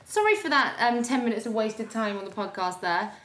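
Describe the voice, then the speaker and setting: High, lively woman chatting on a podcast. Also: brisk. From Guernsey. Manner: animated, laughing, slips into a posh put-on voice. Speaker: podcast co-host. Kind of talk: casual chat. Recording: roomy echo, faint noise.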